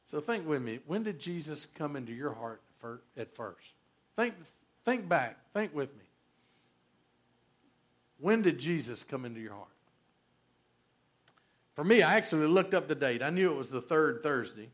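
A pastor in his sixties delivers an animated sermon in a fairly high voice. He tells stories and fires questions at the congregation. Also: normal speed. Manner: animated storyteller, quizzes the congregation.

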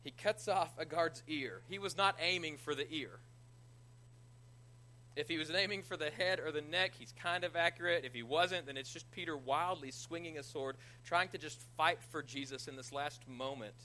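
A man preaching a conversational sermon as a pastor, retelling scripture with animated energy and self-deprecating humor. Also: a little high, moderate pace, poor audio.

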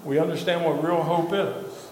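A male pastor telling a story in a casual, halting sermon full of fillers and repeated words. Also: on the high side, fairly even intonation, background noise. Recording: echoey hall with faint ambience.

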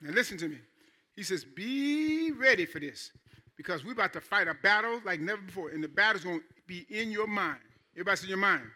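Bright-voiced preaching man. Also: high voice, lively intonation, fairly quick. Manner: conversational preaching, rising to emphatic. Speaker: pastor. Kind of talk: sermon.

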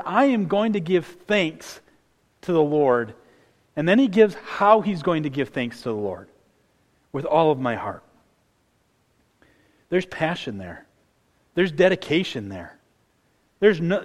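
A young man preaching a casual, earnest sermon, often restarting his sentences and building up excitement. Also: a little high, in a large hall.

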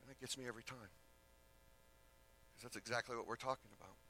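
A man's voice: medium pitch, fast talker, pushed and bright, slight background noise. A male preacher giving a sermon in a casual way, with rambling asides and self-corrections.

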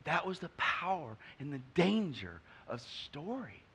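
A man's voice: a little high, very animated, unhurried, a bit bright, breathy edge. A man preaching a conversational sermon, acting out the figures he quotes. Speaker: pastor.

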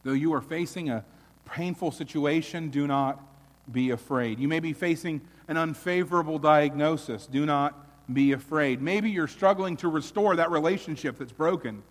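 A man preaching a sermon as pastor, earnest, swelling loud and then dropping almost to a hush. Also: mid-range voice, big-room sound.

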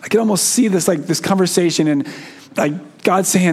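A man delivers a sermon in a fairly high voice. He is earnest and conversational, chuckles often, and acts out the quoted lines like a lively retelling. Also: normal speed, breathy edge. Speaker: preacher.

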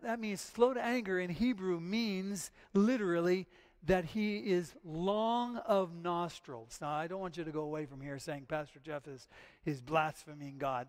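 Male pastor, higher-pitched voice, earnest emphatic sermon delivery with repeated phrases. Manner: earnest, emphatic preaching with repetitions.

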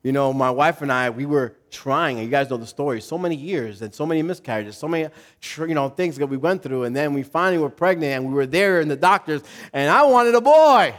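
A man's voice: a little high, a little fast. A man preaching a conversational sermon as a pastor, casual and slangy, telling stories and acting out voices. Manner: animated, animated storytelling with acted-out voices.

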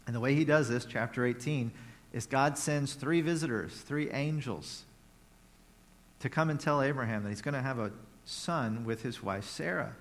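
A male preacher retells a scripture story in an easygoing, conversational way. He slips in playful asides as he goes. His voice sits at a medium pitch. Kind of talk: sermon.

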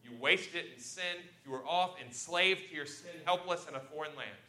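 A man preaching a sermon to his congregation, telling Bible stories with big swings between loud and soft. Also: on the high side, moderate pace. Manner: animated storytelling with sharp swings in loudness. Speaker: pastor. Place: church sanctuary. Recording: roomy church echo.

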